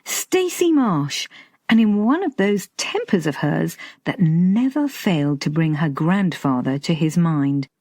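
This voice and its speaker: A woman narrating a romantic comedy audiobook in a measured, lightly expressive way. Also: sits low, no room sound, studio quality. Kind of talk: scripted narration.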